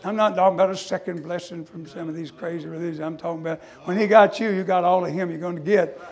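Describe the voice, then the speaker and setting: A man preaching his testimony in a fervent sermon cadence, full of "uh" and "amen", moving between hushed confession and shouting. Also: high-pitched, steady tone, quick pace.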